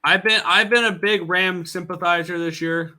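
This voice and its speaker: A man with a very bright, slightly high voice weighs in on games during a casual sports betting chat. He gives his opinions in an easy, conversational way. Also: fairly even intonation, moderate pace. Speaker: co-host handicapper.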